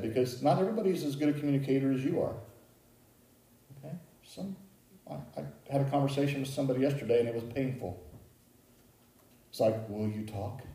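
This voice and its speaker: A man delivers a sermon in a slightly high voice, conversational and direct with the congregation. He swings between loud, emphatic points and quiet, low asides. The room is echoey and roomy. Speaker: preacher.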